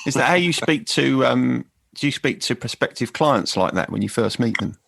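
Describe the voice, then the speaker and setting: A man on a podcast, ribbing his co-host with wry, leading questions in a relaxed back-and-forth. His voice is ordinary in pitch and tone, easygoing and unforced. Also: moderate pace, creaky. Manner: teasing, dry questions. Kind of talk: casual chat.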